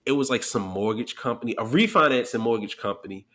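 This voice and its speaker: A man's voice: medium pitch, fast talker, sharp tone. A man in his thirties, a podcast guest, telling profane stories in casual chat and acting out the quotes. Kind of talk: casual storytelling.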